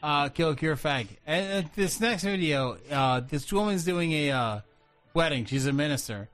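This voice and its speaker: A man hosting a casual show, introducing video clips with deadpan jokes and many fillers. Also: a little high, normal speed, soft background music. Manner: deadpan joking, hesitant with fillers. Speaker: host.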